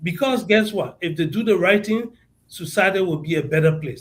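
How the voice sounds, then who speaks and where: A man's voice: high voice, fairly quick, low-quality recording. A man with a Liberian accent speaking as a guest on a talk show, passionate and emphatic, often repeating words as he searches for them. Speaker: guest advocate. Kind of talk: impassioned talk-show interview.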